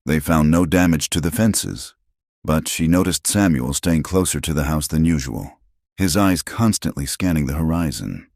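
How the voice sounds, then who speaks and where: A man narrating a western story in a steady, scripted storybook style. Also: very deep voice, normal speed, no echo, studio quality.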